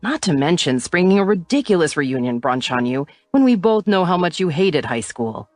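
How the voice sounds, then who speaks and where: Woman narrator doing a teasing young guy, low and lightly playful, audiobook read. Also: big pitch swings, normal speed, no room sound, studio quality, soft background music. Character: teasing playful young man, a loyal friend.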